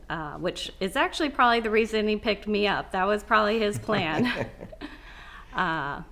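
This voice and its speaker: A woman's voice: on the low side, bright, forceful tone. A woman lightly and with amusement recalling her father in a documentary interview.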